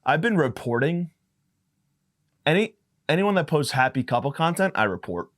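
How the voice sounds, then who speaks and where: A man's voice: a little high, sing-song, moderate pace, a bit bright. A young man hosting a podcast, delivering a rambling, profane comedic monologue that jumps from tangent to tangent. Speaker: podcast host.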